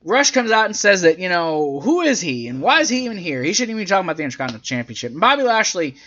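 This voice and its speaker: A man's voice: sits high, sing-song, very fast, sharp tone, dull audio. A man casually reviewing a wrestling show in a profane, exasperated rant.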